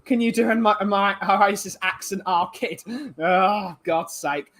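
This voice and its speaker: Young male stream co-host, high bright voice, rambling and chatty. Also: normal speed. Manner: rambling, many fillers and restarts. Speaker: livestream co-host. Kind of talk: casual chat, reading viewer comments.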